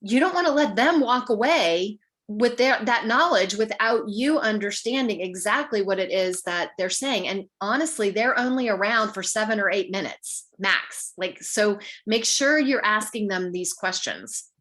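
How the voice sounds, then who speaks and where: Woman, patient advocate, informal community talk, brisk practical advice, mid-pitched. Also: animated, fairly bright tone. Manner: practical, conversational, acts out short dialogues.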